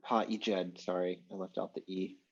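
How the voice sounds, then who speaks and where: A man with a fairly low voice leads an online class and talks through the material casually, with plenty of "um"s and "uh"s. His voice comes through a dull, lo-fi video-call microphone. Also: moderate pace. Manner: relaxed, chatty explaining with many fillers. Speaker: online language teacher.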